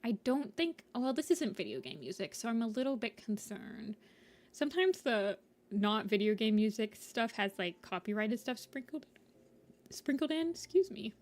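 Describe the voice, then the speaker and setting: A woman's voice: mid-range voice, expressive, normal speed. A young adult woman chatting casually with viewers while she draws, rambling with many fillers. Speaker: art streamer. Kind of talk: casual chat while drawing. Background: soft background music.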